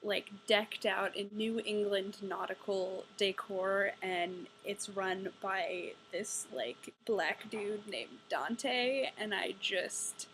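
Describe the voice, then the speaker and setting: A woman's voice: mid-range voice, takes it slowly, hardly any pauses, fairly bright tone, a little hiss or hum, poor audio. A young woman giving a casual ranting book review, exasperated, sarcastic and profane. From United States.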